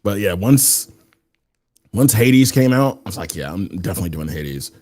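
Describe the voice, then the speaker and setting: A man's voice: low voice, lively intonation, normal speed, a little mellow. A man co-hosting a casual gaming podcast in a laid-back way, swearing casually. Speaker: podcast co-host.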